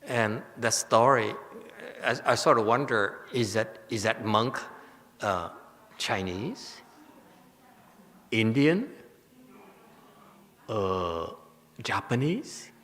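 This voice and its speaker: Bright-voiced man teaching in a reverberant hall. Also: lowish voice, extremely slow, long pauses. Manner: animated, teasing, laughs often. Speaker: Buddhist teacher. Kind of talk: Dharma lecture with questions. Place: temple hall.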